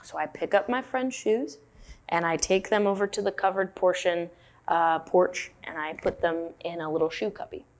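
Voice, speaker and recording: A woman's voice: lowish voice, normal speed. A woman giving a dharma talk, telling a personal story in a candid, self-deprecating way. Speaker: meditation teacher.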